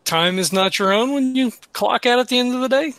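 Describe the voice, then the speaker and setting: A man's voice: very high-pitched, a little fast, a bit bright, voice pushed up. A man playing a suave, flirty adventurer. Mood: flirtatious.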